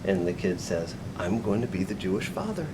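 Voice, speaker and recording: Man telling a joke with lively voices. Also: low-pitched, a little fast, noisy background. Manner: animated, acts out the characters in the joke.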